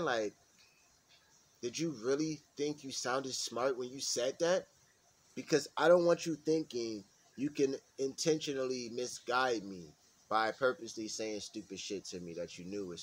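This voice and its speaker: A man's voice: medium pitch, slightly rough. A man vlogging in a heated, profanity-laced rant, repeating himself for emphasis. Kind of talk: casual ranting monologue.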